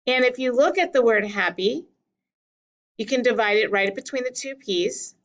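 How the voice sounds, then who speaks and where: Woman teacher, slightly high voice with a gravelly edge, unhurried lesson delivery. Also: animated, highs cut off. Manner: slow, deliberate, stretches key words. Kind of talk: classroom lesson at a whiteboard.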